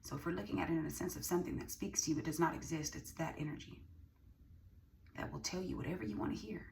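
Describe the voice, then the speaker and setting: A woman's voice: sits low, fast, gravelly, darkish tone. A woman giving a casual tarot reading, who is emphatic, repeats lines and swears freely. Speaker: tarot reader. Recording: distant mic with ambient noise.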